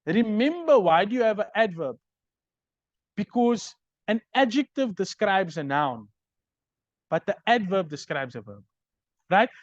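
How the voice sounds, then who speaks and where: A man lectures on grammar, raising his voice high and swinging it widely. He speaks slowly, asks "right?" to check that his listeners follow, and the recording is dry and dull. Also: dry recording. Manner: explains step by step, checks understanding with "right?". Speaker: Arabic grammar teacher.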